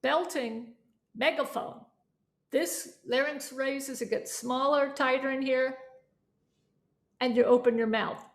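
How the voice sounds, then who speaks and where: A woman's voice: sits high, fairly even intonation, slow, long pauses. A woman teaching a voice lesson, coaching students through exercises and demonstrating sounds aloud. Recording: echoey room with faint instrument.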